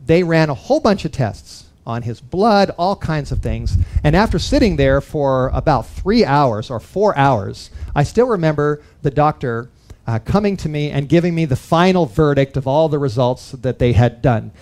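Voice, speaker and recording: A man's voice: a little high, lively intonation, moderate pace, darkish tone. A middle-aged man gives a personal testimony to a live audience, in an earnest, conversational storytelling way that speaks to his listeners. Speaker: guest speaker.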